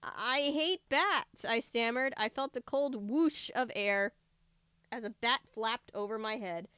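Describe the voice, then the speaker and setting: A woman reads a book aloud on a livestream and keeps breaking off for chatty, joking asides. Her voice sits a little high and sounds smooth and clear. The sound is close and dry, with no room echo. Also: a little slow, fairly bright tone. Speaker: streamer reading a book aloud. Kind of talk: casual read-aloud livestream.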